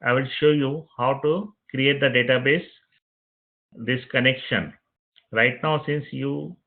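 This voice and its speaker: A man teaching web development, narrating each click of a screen-recorded software tutorial step by step and repeating phrases as he goes. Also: mid-range voice. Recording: tinny phone-like audio.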